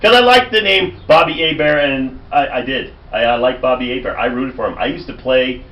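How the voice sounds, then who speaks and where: A man co-hosting a casual sports chat, relaxed, often stammering and restarting his sentences. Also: mid-range voice, fairly quick. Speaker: co-host. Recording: distant, echoey, muffled home recording.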